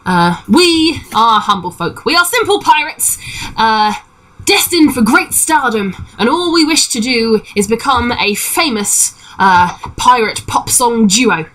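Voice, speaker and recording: A woman voicing an excitable young male halfling pirate who greets guests theatrically. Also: measured pace, low-quality recording. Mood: wheedling. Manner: eager, theatrical, hops between high exclamations.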